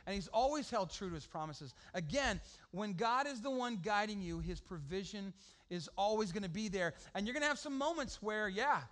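A man preaching a sermon to a congregation, animated and joking with the crowd. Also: high-pitched, moderate pace. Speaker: pastor.

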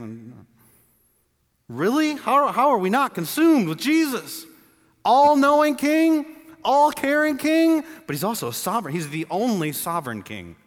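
Animated preacher in a reverberant church. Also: male voice, fairly high pitch. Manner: animated, jokey storytelling with acted-out voices. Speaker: pastor. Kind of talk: sermon. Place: church building.

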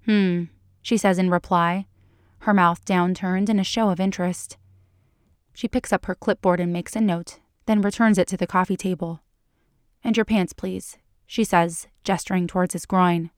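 Low-voiced woman reading a story. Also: fairly even intonation, normal speed, no echo, clean studio sound. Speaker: narrator. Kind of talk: reading fan fiction aloud.

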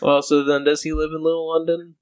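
A man's voice: a little high, flat delivery, brisk, smooth. A young man co-hosting a podcast, easygoing, asking questions and playing along in casual banter. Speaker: podcast co-host.

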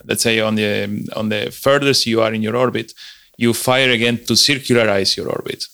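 A man's voice: lowish voice, steady tone, moderate pace, gravelly, pushed and bright. A man co-hosting a podcast in casual chat, thinking aloud with many restarts. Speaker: podcast co-host.

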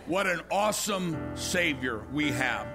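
A man's voice: on the high side, animated, unhurried, vocal fry, music in the background. An older man preaching an impassioned, emphatic sermon.

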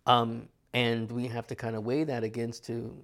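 A man's voice: medium pitch, level tone, normal speed, fairly bright tone. An American man, an astrologer, talking in a reflective, casual conversation full of rhetorical questions. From United States.

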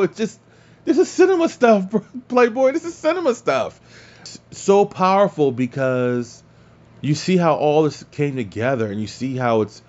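A man hosting a podcast, recapping wrestling in casual, excitable talk, swearing freely and laughing at his own slips. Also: medium pitch, highs cut off. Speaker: podcast host.

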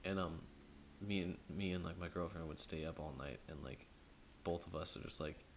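A man's voice: deep voice, fairly even intonation, normal speed, a little hiss or hum. A man co-hosting a podcast in casual chat, telling rambling stories with lots of fillers. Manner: rambling storyteller, many fillers. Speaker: podcast co-host.

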